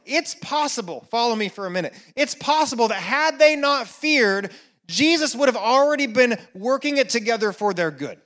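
A man preaching a sermon, dropping to hushed repeated phrases and building to emphatic questions. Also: very high-pitched, animated. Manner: slow, with dramatic hushed repetitions and rising emphasis. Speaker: pastor.

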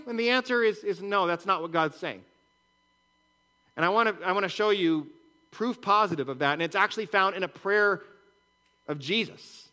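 A man's voice: sits high, sharp tone. A man preaching a sermon as a pastor, earnest and full of rhetorical questions and repetition.

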